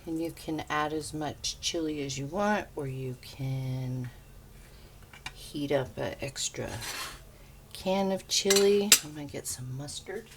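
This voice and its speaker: A middle-aged woman with a notably low voice talks viewers through a cooking demo in her kitchen. Her manner is chatty and homey as she explains each step. There is a faint hum of room ambience behind her. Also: slow pace. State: talking with her mouth full. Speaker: home cooking vlogger. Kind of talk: casual cooking demonstration. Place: home kitchen.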